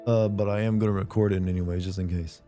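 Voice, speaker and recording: A man streaming a game, chatting casually and joking, his voice hoarse from being sick. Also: low-pitched, fairly even intonation, dark tone, faint music behind. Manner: joking, chatty, quick laughs. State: hoarse from illness.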